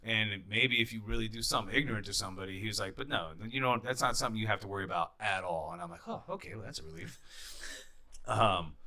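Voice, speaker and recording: A young man telling stories as a podcast guest, casual and animated, swearing freely and acting out the people he quotes. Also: lowish voice, quick pace, vocal fry, few pauses. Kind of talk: casual storytelling.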